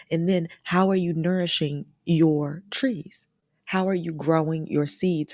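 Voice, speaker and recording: A woman's voice: sits low, darkish tone, no room sound, clean studio sound. A woman hosting a live online talk, speaking in an encouraging, emotional way and often checking in with her listeners with a "right?". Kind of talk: motivational live-stream talk, reading out chat comments.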